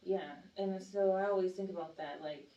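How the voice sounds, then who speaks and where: A woman's voice: lowish voice, steady tone, normal speed, mellow, highs cut off. A young adult woman from the Atlanta area, chatting as a guest and telling stories full of "like" and "you know.". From Atlanta area, Georgia. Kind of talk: casual chat. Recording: echoey room, mic from a distance, faint hiss.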